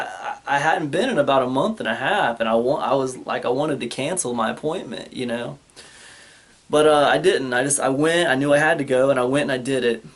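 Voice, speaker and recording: Rambling, animated storytelling man. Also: mid-range voice. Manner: rambling, animated, lots of fillers like "man" and "you guys". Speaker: channel host. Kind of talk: casual storytelling to camera.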